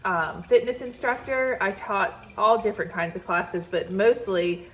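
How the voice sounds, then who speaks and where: A woman's voice: medium pitch, a little slow, fairly bright tone. Chatty woman with a morning voice. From Southern US. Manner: chatty and friendly, laughing often. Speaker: vlogger. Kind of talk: casual chat to camera. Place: farmhouse kitchen.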